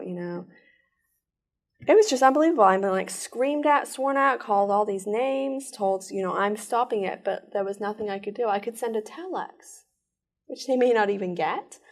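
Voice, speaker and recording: A woman giving an earnest personal account in an interview, telling it in rushed bursts. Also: medium pitch, gravelly. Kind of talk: personal testimony.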